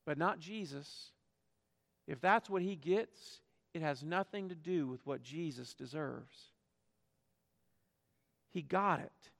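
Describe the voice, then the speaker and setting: Guy preaching a sermon, high voice, fired up then going quiet, echoey hall. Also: slow pace. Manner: impassioned, acts out quoted voices, drops to quiet emphasis. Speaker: pastor. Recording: reverberant hall.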